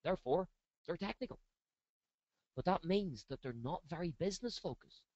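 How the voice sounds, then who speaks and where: A man's voice: high-pitched, animated, normal speed, darkish tone, no echo, muffled recording. A man giving a webinar lecture as a training instructor, stressing key words and asking rhetorical questions.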